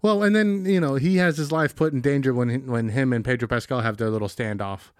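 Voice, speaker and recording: A man's voice: medium pitch, fairly quick, dry recording, clean studio sound. A man co-hosting a casual movie talk, joking and swearing as he retells scenes. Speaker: podcast co-host.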